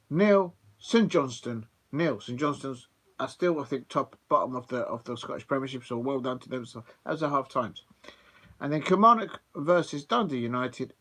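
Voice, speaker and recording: A man's voice: fairly high pitch, fairly bright tone. A man hosting a live football watch-along, chatty and rambling with plenty of fillers. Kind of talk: casual live commentary.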